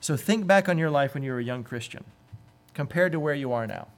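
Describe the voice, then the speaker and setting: Earnest male preacher, higher voice. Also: animated, fairly quick. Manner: earnest, acts out quoted voices with sudden lifts. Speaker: pastor. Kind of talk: sermon.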